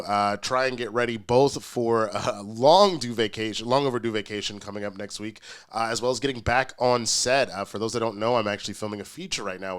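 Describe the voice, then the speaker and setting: A man's voice: medium pitch, fairly bright tone, clean tone. A man hosting a pop culture commentary show, congested from a cold, speaking casually and with energy, with frequent uh restarts. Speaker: host.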